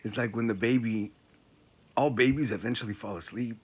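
A male comedian doing a profane stand-up rant, repeating lines and swinging from loud outbursts to low mutters. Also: a little fast, slightly rough.

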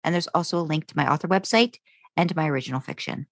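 A woman's voice: deep voice, fast, dry recording, studio quality. A woman co-hosting a casual podcast, easygoing and giggly as she reads out where to reach the show. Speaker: podcast co-host.

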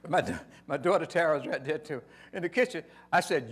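An older man preaching a sermon, emphatic with sudden loud rises, telling stories in casual folksy phrasing. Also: on the high side, expressive, fairly quick, few pauses, husky. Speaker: pastor.

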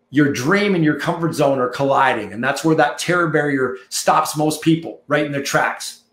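Punchy motivational man, echoey room. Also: on the high side. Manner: punchy, preachy, repeats phrases for emphasis. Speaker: marketing coach. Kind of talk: motivational monologue.

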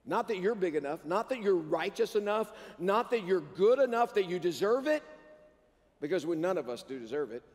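A high-pitched male pastor preaches with animation and keeps calling on the congregation to answer back. His voice rings through a large sanctuary, trailing a long reverb. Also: normal speed. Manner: animated preaching with call-and-response prompts to the congregation. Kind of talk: sermon. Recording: long reverb of a church hall.

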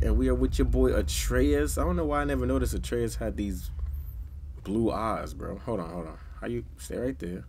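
A man's voice: medium pitch, moderate pace, a little mellow, a little hiss or hum. A man hosting a gaming channel, commenting on gameplay in casual slang with a playful tone. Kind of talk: let's play commentary.

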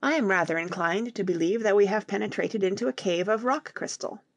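A woman voicing a calm, wise father explaining things to his sons in an audiobook. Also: mid-range voice, brisk, no room sound, lightly acted.

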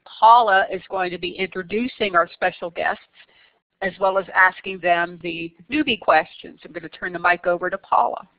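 A woman hosting a webinar, opening the show by reading out the hosts and guests in a brisk way. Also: lowish voice, no echo. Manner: brisk, reads the host and guest names. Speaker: webinar host. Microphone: online webinar call audio. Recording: dull lo-fi webinar audio, dry.

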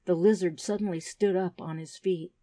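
A woman narrating a classic adventure story in an even, measured reading voice on a close mic. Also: on the low side, dry recording. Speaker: audiobook narrator.

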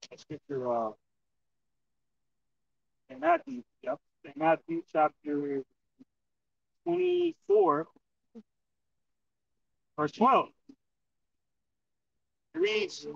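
Man, gravelly high voice, lively pitch, halting profane preaching, distant muffled sound. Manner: halting, with many restarts, profane. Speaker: street preacher. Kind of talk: street preaching, reading scripture. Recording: distant lo-fi outdoor recording.

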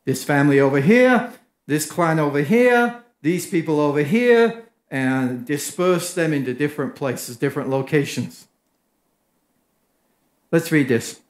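An English-accented man preaches an evening sermon, his voice sitting high. He leans emphatic, climbing higher when he voices the crowd. The sound rings around a roomy church hall. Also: lively intonation, measured pace. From England. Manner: emphatic, rises in pitch for quoted crowds. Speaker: pastor. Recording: echoey church room.

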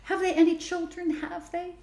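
Brief: woman voicing a rough, tough little girl of eight, high and quick, roomy recording. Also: flat delivery, darkish tone. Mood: pleading. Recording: roomy echo.

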